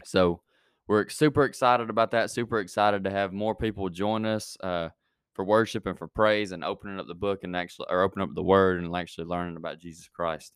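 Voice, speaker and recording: A man's voice: sits low, fairly even intonation, fairly quick, clean tone, dry recording, studio quality. A man hosting a youth church podcast, rambling with many fillers and restarts, then praying. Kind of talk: casual chat and prayer.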